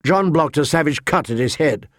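A man narrating a fantasy novel in a measured, steady storytelling voice. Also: on the high side, dry recording, clean studio sound. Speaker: audiobook narrator.

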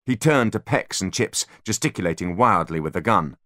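A man narrating an audiobook in an expressive, dramatic way. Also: deep voice, moderate pace, dry recording, clean studio sound. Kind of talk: scripted narration.

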